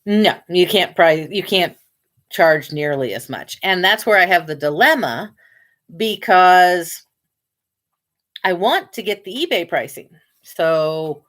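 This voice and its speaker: Lowish and fairly bright, her voice has lively intonation and a measured pace. She's a Midwestern online reseller and vlogger, casually chatting and thinking aloud as she lists goods for sale.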